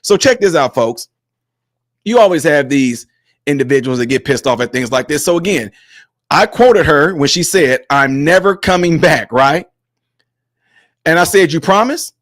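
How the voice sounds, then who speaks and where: A man's voice: on the high side, lively intonation, a bit bright, no echo, studio quality. Mocking man hosting commentary. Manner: mocking, scolding, rapid rhetorical questions. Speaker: host of a commentary channel. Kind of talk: political commentary vlog.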